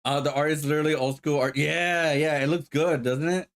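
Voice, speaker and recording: A man reacts casually to a video on his stream. He chats in a loose, rambling way with frequent chuckles, and his voice sits a little high. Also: steady tone, brisk.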